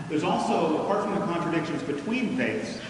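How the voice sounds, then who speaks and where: A man delivers a measured, argumentative lecture, his mid-range voice carrying through a large hall. The sound is roomy and distant, with a long reverb trailing each phrase. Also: a little high, animated, slight background noise. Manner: measured and argumentative, with frequent restarts. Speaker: public speaker. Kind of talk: lecture to an audience. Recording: echoey hall recorded from far off.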